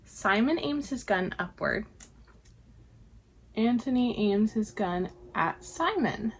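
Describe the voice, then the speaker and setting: A woman's voice: fairly high pitch, expressive, takes it slowly, a little hiss or hum. A young woman casually recapping a TV episode, retelling it chattily with frequent fillers. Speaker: show recap vlogger.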